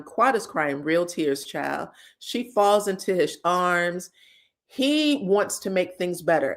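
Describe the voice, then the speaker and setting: Lady reacting to reality tv, low-ish voice, gets worked up, swears a lot. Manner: animated, emotional, swears freely, thanks viewers; retells scenes in others' voices. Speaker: reality show commentator. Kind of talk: casual reaction chat.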